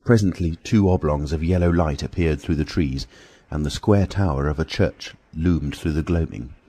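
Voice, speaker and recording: A man reads an audiobook in a measured, unhurried way. His voice is very deep, dark and mellow, with a husky grain to it. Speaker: audiobook narrator. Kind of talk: scripted narration.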